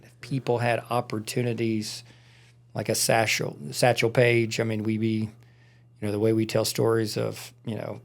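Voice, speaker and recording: Gravelly-voiced man telling stories. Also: fairly low pitch. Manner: rambling storyteller, lots of fillers. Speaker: podcast co-host. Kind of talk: casual chat. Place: studio.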